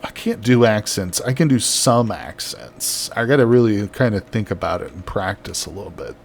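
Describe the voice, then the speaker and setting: A man's voice: on the low side, lively intonation, normal speed, creaky, hardly any pauses, a little hiss or hum. A man chatting casually on a live game stream, reading out viewer messages and laughing often. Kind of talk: casual live-stream chat while building.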